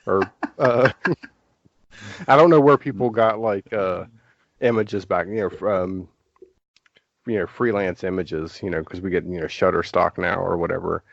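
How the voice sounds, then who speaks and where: A man's voice: sits low, steady tone, a little slow, creaky, pauses often, dry recording. A man chatting casually as a podcast guest, rambling with many fillers and restarts. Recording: dull lo-fi podcast audio.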